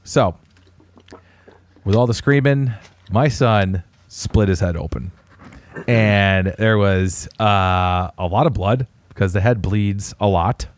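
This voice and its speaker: Guy in his 30s telling a long story on a podcast, lowish voice, dry close sound, gets animated. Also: slow, dry recording. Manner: animated storyteller, puts on high voices when quoting a child. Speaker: podcast co-host. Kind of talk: casual storytelling.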